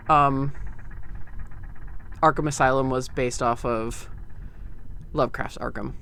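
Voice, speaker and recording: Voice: mid-range voice, flat delivery, measured pace, long pauses, a bit bright, clear, resonant tone. Rambling, hesitant game streamer. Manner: rambling, hesitant, many fillers. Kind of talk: casual let's-play commentary.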